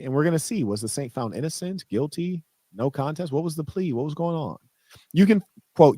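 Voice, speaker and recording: A man's voice: medium pitch, expressive, a little fast, a little mellow, dry recording. A man in a clipped monologue, boastful and condescending toward commenters. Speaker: online personality in a clipped video.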